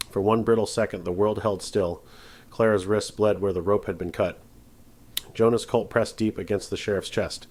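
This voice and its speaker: Low-ish male voice telling a dramatic story, steady scripted narration.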